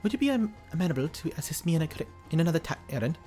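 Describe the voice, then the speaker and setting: Man doing a brisk, courteous tribeswoman with a put-on accent, reading game dialogue fast over faint music. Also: fairly high pitch, very animated, dark tone, voice pushed up. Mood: polite. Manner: reads quest lines aloud in a put-on accent, with stumbles.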